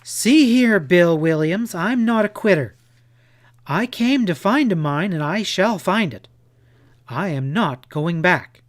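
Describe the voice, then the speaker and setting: Guy putting on a stubborn young frontier woman, pitched way up, loud and fired up. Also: lively intonation, slow pace, dry recording, clean studio sound. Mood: indignant. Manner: raised, indignant, insistent.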